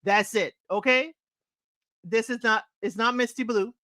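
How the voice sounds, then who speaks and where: Woman host, chatty and laughing, higher voice, dry close mic. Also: unhurried, a bit bright, dry recording. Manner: chatty, laughing, half-sings song lines. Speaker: podcast host. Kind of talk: casual chat reviewing old chart songs.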